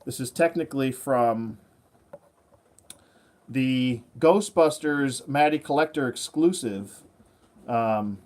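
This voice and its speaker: A man's voice: mid-range voice, a little slow, a little mellow. A man hosting a casual toy-collecting vlog, rambling and chuckling while showing off figures. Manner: rambling, chuckling, self-deprecating. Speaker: toy collector, channel host. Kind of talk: casual show-and-tell vlog.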